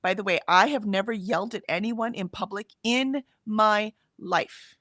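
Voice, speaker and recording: A middle-aged woman talks on a live stream at a middle pitch, close to a dry mic with no room sound. She tells stories in an animated way, with plenty of ums and "right?", and voices the people in them. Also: moderate pace, dry recording. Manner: animated storyteller, acts out quotes, frequent ums and rights. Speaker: co-host of a writing sprint stream. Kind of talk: casual chat.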